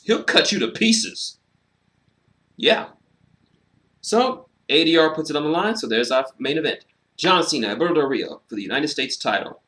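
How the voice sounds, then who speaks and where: Speaking at normal speed with a voice on the high side, a man reviews a wrestling show solo. His casual, animated take is sarcastic, peppered with swearing, and heavy on fillers.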